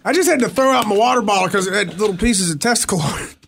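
A man's voice: sits high, expressive, racing, creaky, fairly bright tone, breathy edge. A man, talking squeamishly in casual studio banter. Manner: squeamish, complaining.

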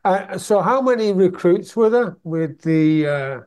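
A man's voice: sits high, expressive, measured pace, darkish tone. A man from Scotland hosting a casual interview, chatty and enthusiastic, laughing often. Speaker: podcast host.

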